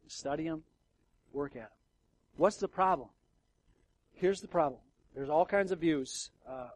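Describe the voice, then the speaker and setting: A middle-aged male pastor preaching a sermon in a conversational way, swinging from hushed, quiet passages to loud, emotional outbursts. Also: fairly high pitch, rough recording. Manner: conversational with fillers and restarts.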